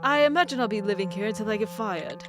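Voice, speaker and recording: A woman's voice: medium pitch, expressive, quick pace, over music, close to an everyday voice. A woman voicing a polite young male assistant with a put-on British accent.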